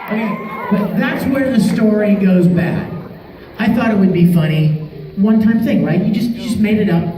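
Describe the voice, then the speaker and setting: A man telling stories to fans as a convention panel guest, animated and laughing as he talks. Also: high-pitched, normal speed. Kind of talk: storytelling to a live audience. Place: large convention hall. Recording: echoey hall, far mic, crowd noise.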